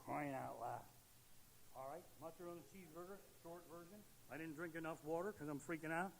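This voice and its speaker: High-voiced ranting stand-up comic. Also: male voice, fairly quick, gravelly, slight background noise. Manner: profane, ranting, shouts punchlines. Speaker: stand-up comedian. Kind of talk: stand-up comedy set. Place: live comedy stage in a large hall. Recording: live venue with long hall reverb.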